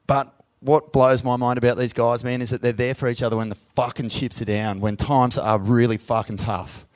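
A man with an Australian accent hosting a live podcast on stage in a pub, sweary and emotional, loud when he hypes up the crowd. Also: mid-range voice, flat delivery, moderate pace. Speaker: podcast host. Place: pub venue with live audience.

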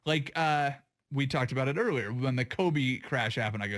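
Animated man joking on a radio show. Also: normal speed. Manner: animated, jokey, pitch jumps when excited. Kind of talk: casual chat.

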